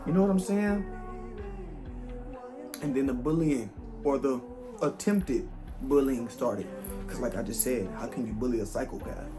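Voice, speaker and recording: A young man telling a personal story in a casual, animated, slangy way, speaking directly to his viewers. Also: medium pitch, normal speed, long pauses, music in the background. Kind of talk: storytime vlog.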